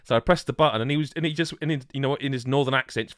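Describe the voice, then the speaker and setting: A man's voice: medium pitch, racing, hardly any pauses, no room sound. A man co-hosting a gaming podcast, chatting casually and laughing as he tells stories. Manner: animated, laughs while telling stories. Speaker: podcast co-host. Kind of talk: casual chat.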